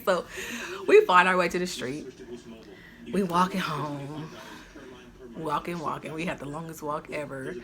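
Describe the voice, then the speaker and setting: A woman telling a personal story in a casual storytime vlog, animated and slangy, with lots of "like" fillers. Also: fairly low pitch.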